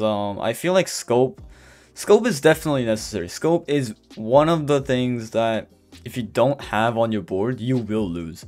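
A man talks through his game footage in a loose, offhand voice-over at an ordinary middle pitch. He stumbles, restarts and leans on fillers. A soft music bed runs quietly behind him. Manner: rambling, full of fillers and restarts; says he is stuttering and can barely speak. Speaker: gameplay commentator. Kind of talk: casual gameplay voice-over. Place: voice-over recorded apart from the footage. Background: faint background music.

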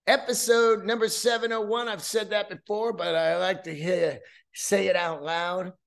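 A man's voice: fairly high pitch, creaky. A man with a slightly raised voice hosts his own podcast and talks straight into a studio mic. He rambles, swears freely and drifts off into asides as he goes. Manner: loose, profane, rambling with asides. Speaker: podcast host. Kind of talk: casual solo podcast monologue.

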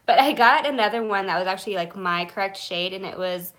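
A young beauty vlogger gushes live about her favorite beauty products, her medium-pitched voice a bit bright and a little fast. She's chatty and full of fillers, but nervous and self-conscious enough to stumble now and then.

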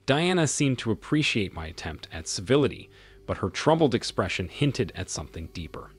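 Man, story narration, husky, lively pitch, faint background music. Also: a little fast.

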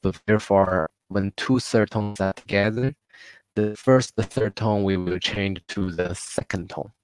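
A man's voice: lowish voice, fairly even intonation, unhurried, darkish tone, clear, resonant tone, no room sound, low-quality recording. A man who speaks Mandarin as his first language, teaching it in an online lesson, patiently repeating each word twice and switching between Spanish and English. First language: Mandarin Chinese.

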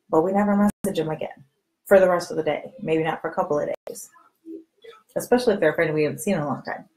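A woman's voice: fairly low pitch, fast, poor audio. A woman coaching her direct sales team to camera in a candid, chatty way, acting out conversations with friends. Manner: animated, acts out quoted friends with voice changes; candid, chatty, repeats catchphrases.

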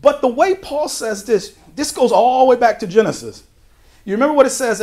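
A male pastor teaching verse by verse through a Bible book, talking conversationally with folksy asides and quick shifts between emphatic and quiet delivery. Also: very high voice, sing-song. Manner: emphatic, with sudden drops to a quiet voice.

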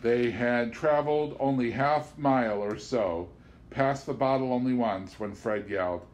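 A man narrating a novel as an audiobook, in a measured, expressive reading style. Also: medium pitch, slight background noise. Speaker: audiobook reader.

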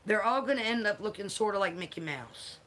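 A woman's voice: mid-range voice, lively intonation, brisk, fairly bright tone, slight background noise. A Southern woman chatting casually on her livestream, greeting viewers by name and cooing to her dogs; she says she is a little tired. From American South. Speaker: livestream host.

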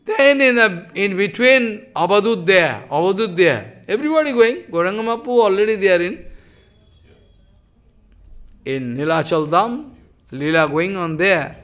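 A man, telling a devotional story in a sermon with animated, broken phrasing. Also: high-pitched, moderate pace. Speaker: preacher.

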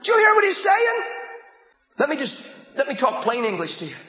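A man preaches a sermon in a very high, lively voice, swinging from loud shouting to sudden hushed asides. The sound is dull and boomy, with a long echo from the church hall. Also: moderate pace. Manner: emphatic, often shouting, with sudden drops to a hushed voice.

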